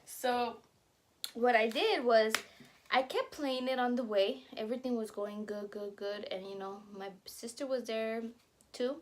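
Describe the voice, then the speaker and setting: A woman's voice: on the high side, measured pace, background noise. A young woman casually telling stories to camera while eating, chatty and laughing along as she talks. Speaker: vlogger.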